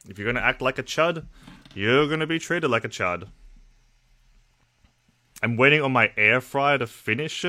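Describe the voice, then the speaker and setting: Blunt, bright-voiced Australian man streaming. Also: medium pitch, expressive, moderate pace, pauses often. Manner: blunt, profane, talks to chat. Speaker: livestream host. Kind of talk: casual livestream chat.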